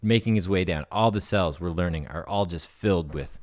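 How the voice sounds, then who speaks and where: Brief: male co-host, low and dry, laid-back improv narration. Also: a little fast, a little mellow, no echo. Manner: laid-back, describing scenes like a director. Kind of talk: improvised comedy podcast.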